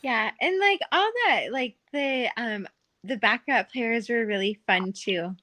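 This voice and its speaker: A woman's voice: fairly high pitch, expressive, a little slow, bright, forceful tone. A woman telling casual stories as a podcast guest, chatty and full of fillers, often laughing. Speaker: podcast guest, former casino dealer. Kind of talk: casual storytelling.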